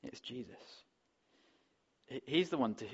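A man's voice: mid-range voice, animated, measured pace, breathy edge. A man preaching a sermon in a conversational way, often putting rhetorical questions to the congregation, on a dull lo-fi recording. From England.

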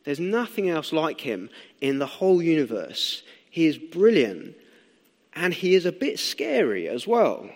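A young man preaching a sermon in a conversational, animated way, asking the listeners questions as he explains and tells stories. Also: on the high side, measured pace. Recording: long hall reverb.

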